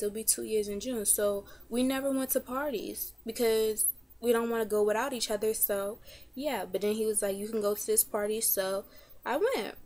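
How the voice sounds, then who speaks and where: Indignant teenage girl vlogging. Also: mid-range voice. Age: teens. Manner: animated, indignant retelling with quoted dialogue. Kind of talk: casual storytelling vlog.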